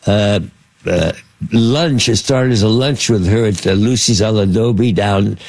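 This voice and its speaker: Gravelly man telling anecdotes. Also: lowish voice, a little slow, a little mellow, no room sound. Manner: rambling with many fillers and restarts. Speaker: guest. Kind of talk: anecdotal storytelling.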